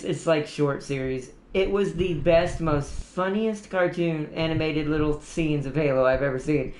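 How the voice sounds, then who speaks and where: A man's voice: sits high, reverberant. A man hosting a casual gaming livestream, rambling enthusiastically and laughing often. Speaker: streamer host.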